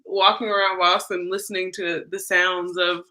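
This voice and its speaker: Bright giggly female podcast guest. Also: lowish voice, flat delivery, normal speed. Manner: chatty and giggly, laughs often mid-sentence. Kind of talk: casual chat.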